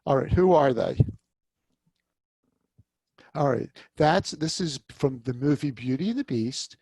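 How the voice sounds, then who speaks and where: A man's voice: medium pitch, unhurried, breathy edge, no echo. Chatty man leading a virtual workshop. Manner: lively, chatty, asks the audience questions. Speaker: workshop presenter. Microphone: video call mic.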